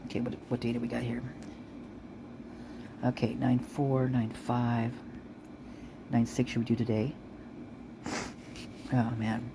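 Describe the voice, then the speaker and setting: A woman's voice: a bass voice, completely flat delivery, takes it slowly, creaky, pauses often, background noise. A woman chatting casually and rambling as she reads out local police reports, at times chewing while she talks. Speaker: vlogger reading police reports.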